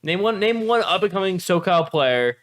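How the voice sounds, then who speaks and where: A man with a somewhat high voice co-hosts a relaxed podcast. He jokes and teases between questions. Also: normal speed. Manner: joking, teasing. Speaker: podcast co-host. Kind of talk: casual chat.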